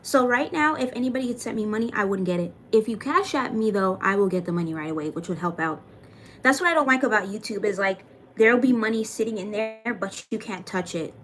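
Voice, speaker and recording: A woman's voice: medium pitch, quick pace, a bit bright. A young adult woman chatting casually on a livestream, thanking viewers by name and swearing now and then. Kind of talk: casual livestream chat reading comments.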